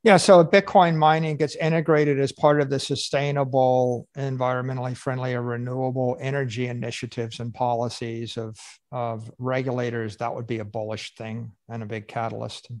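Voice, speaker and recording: A man moderating a conference panel, laying out points deliberately and with emphasis. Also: mid-range voice, flat delivery, darkish tone, no echo, clean studio sound.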